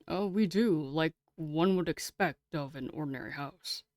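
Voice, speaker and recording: A chatty woman streamer reads a game aloud and talks to her viewers, swearing casually as she gets excited. Her voice sits on the lower side. The recording is dry and close. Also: unhurried, no echo.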